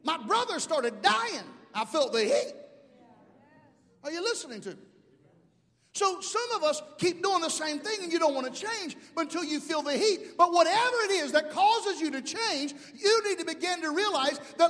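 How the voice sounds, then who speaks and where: A man in his fifties from Mobile, Alabama, preaching a sermon as pastor, animated, swinging from shouts to hushed asides. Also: very high-pitched, normal speed. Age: 50s. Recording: long hall reverb.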